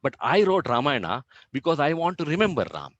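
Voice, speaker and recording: A male teacher voicing a gentle, humble male monkey devotee in a retold scripture story, speaking calmly and plainly. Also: on the high side, brisk, no room sound, lo-fi sound, voice pushed up. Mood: earnest.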